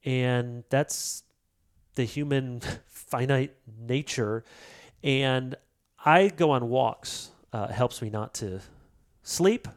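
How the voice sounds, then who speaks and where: A middle-aged man, a pastor and author, speaks slowly in a medium-pitched voice. As a guest in a casual interview conversation, he's earnest and tells stories in an animated way, acting out quotes.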